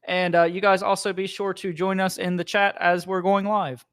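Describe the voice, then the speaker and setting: High-voiced wry man co-hosting. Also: level tone, moderate pace, a bit bright, smooth. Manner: dry, wry quips. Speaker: podcast co-host. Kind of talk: casual comedic chat.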